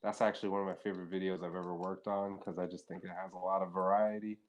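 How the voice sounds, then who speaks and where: Young male podcast guest, lowish voice, casual profane storyteller. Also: flat delivery, fast talker, highs cut off. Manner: rambling, profane, heavy use of filler "like".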